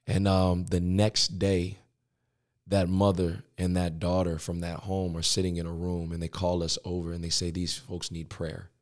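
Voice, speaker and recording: A young man, a pastor, telling a personal story in a podcast interview, slangy and animated. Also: low-pitched, normal speed.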